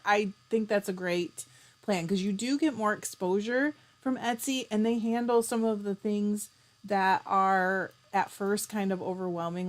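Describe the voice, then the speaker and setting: A woman chats her way through a live stream at a middling pitch. She reads viewers' comments aloud and answers each one in a friendly, easygoing way. Now and then she stops to clear her throat. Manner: chatty, reads out comments and answers them warmly. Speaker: livestream host.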